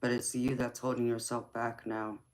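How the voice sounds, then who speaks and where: A woman's voice: very deep voice, level tone, normal speed, a little mellow. A woman with a Southern Georgia accent hosting a casual live stream, reading out viewer comments, laughing often and calling people honey and sweetheart. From Southern United States. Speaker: tarot reader and livestream host.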